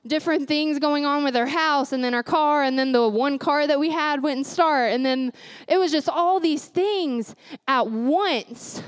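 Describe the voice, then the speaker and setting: A woman's voice: high-pitched, measured pace, no echo, studio quality. A young woman preaching a sermon, emphatic and repeating her key phrases.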